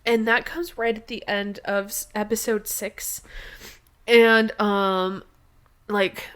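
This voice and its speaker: A woman talking in a relaxed, chatty way as she co-hosts a podcast. She gushes about what she loves, circling back and restarting her sentences, with plenty of fillers and a voice pitched in the middle range. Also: slow, smooth. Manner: gushing, rambling with many restarts and fillers. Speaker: podcast co-host. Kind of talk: casual chat.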